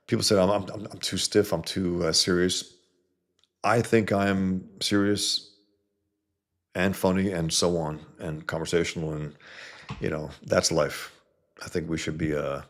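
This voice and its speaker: Man, deep low voice, casual livestream chat, blunt, swears a lot, rambling. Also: creaky, fairly bright tone. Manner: blunt, profane, rambling with restarts. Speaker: livestream host reading chat. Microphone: computer mic, no headset.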